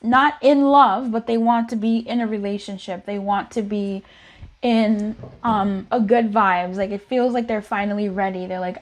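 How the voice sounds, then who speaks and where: A woman's voice: mid-range voice, steady tone, normal speed. A woman giving a casual tarot reading in a chatty, giggly, playful way. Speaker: tarot reader.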